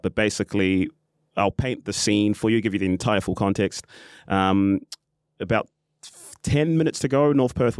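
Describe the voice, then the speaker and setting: Man, podcast host, low voice, dry close mic, casual storytelling, acts out quotes. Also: clear, resonant tone, no room sound. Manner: animated, acts out quotes, many ums and restarts. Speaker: podcast host and football club official.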